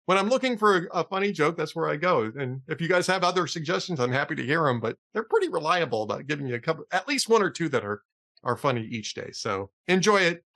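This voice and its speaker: Chatty male host with a lively voice. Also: on the high side, fast, gravelly. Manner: chatty, laughs at his own jokes, tells jokes with small acted voices. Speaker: podcast host. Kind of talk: casual political talk show chat.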